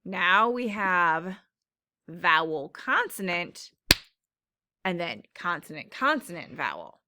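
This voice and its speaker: Slow, patient woman teaching phonics. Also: lowish voice, big pitch swings, noisy background. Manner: slow, patient explaining with drawn-out words. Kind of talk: classroom phonics lesson.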